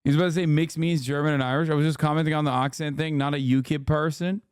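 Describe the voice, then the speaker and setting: A man hosting a livestream, reacting to clips with blunt, profane, rapid-fire ranting. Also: a little high, fairly even intonation, clean tone, no echo, studio quality. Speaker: livestream host. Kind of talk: streamer commentary.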